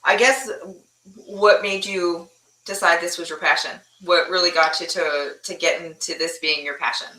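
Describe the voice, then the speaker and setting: A woman's voice: fairly low pitch, fairly even intonation, moderate pace, bright, forceful tone, echoey room, distant mic, poor audio. A woman participant asking questions hesitantly, with many fillers and restarts. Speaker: meetup participant. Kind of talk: casual questions.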